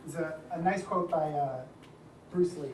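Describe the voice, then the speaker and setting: A man's voice: on the high side, unhurried, darkish tone, slight background noise. A man giving a casual presentation talk to a live audience at an event, chatty with frequent asides and light laughter. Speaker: speaker at a design community event. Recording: echoey room, distant mic, faint ambience.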